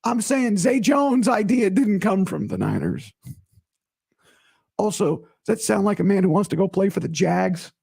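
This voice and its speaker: Male podcast host, strained gravelly voice, husky and high-ish, animated and emphatic. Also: moderate pace. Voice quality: raspy, gravelly. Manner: animated, emphatic, repeats himself. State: strained, recovering voice. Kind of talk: casual solo podcast talk.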